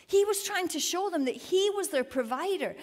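A woman preaching a sermon at a women's event, telling Bible stories with lively, acted-out quotes. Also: very high voice, normal speed. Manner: animated storytelling, acting out quoted voices. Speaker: women's ministry speaker. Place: event hall.

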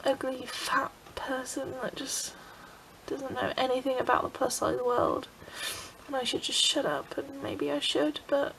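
A woman's voice: high voice, a little slow, creaky, fairly bright tone, a little hiss or hum, low-quality recording. A young woman from England talking emotionally in a confessional vlog, tearful and filling her talk with "like". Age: young adult. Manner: emotional, tearful, frequent "like" fillers. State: crying. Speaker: vlogger.

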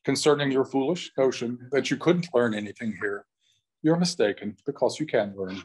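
A man voicing a stern, surly giant of a headmaster in a read-aloud novel, severe and then calm and distracted. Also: medium pitch, fairly quick, husky, lightly acted, poor audio.

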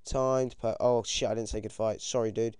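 A British teenage boy giving casual, excitable commentary over his own game, swearing often and yelping when things go wrong. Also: mid-range voice, normal speed, smooth, no room sound, studio quality. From United Kingdom. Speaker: gaming commentator.

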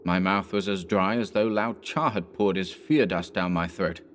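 Deep-voiced man narrating horror. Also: a little hiss or hum. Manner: measured, dramatic storytelling.

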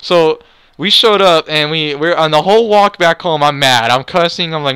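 A man's voice: a little high, fast, pushed and bright, clear, resonant tone, no echo. A young man casually retelling a story to friends and viewers, rambling and profane, with lots of restarts. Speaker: storyteller, channel host.

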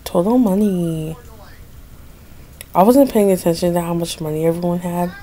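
A woman's voice: on the low side, steady tone, moderate pace, mellow. A young woman giving casual gameplay commentary, dramatic and pleading, complaining that luck is against her. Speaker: gaming video creator.

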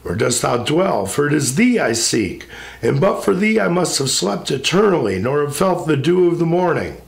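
A man's voice: a little high, sing-song, normal speed, vocal fry. A man reciting the lines of a wistful young female spirit in a poetry recitation, lyrical and lamenting. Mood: wondering.

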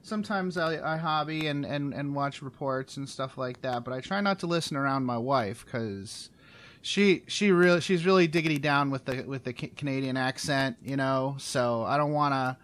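A man's voice: medium pitch, moderate pace, a bit bright. A man hosting a podcast in casual chat, talking enthusiastically with rambling restarts and frequent laughter. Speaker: podcast host.

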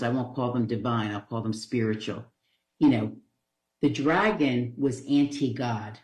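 A woman's voice: extremely low pitch, a little mellow. Woman pastor preaching in an echoey room. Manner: conversational, repeats phrases, joking asides. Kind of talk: Bible study sermon. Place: church.

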